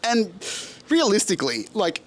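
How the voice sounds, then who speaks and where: A young Australian man spins a casual story on his podcast, swearing freely and breaking into laughter. His voice sits a little on the high side for a man, relaxed and self-mocking. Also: normal speed. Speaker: podcast host.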